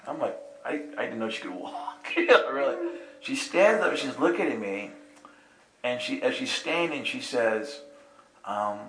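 A man's voice: mid-range voice, measured pace, music in the background. A man telling a personal story in casual conversation, acting out the voices of the people in it, laughing often and checking in with "right?". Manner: animated, acts out quotes with voices, laughs often, asks "right?". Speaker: storyteller recounting a personal experience. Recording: roomy echo.

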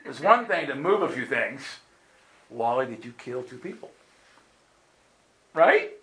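A male preacher tells a long story to a gathered crowd, switching into character voices as he goes. His voice sits at an ordinary middle pitch. The hall around him is roomy and echoing. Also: measured pace. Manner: animated storyteller acting out voices. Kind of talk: storytelling sermon. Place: meeting room with audience.

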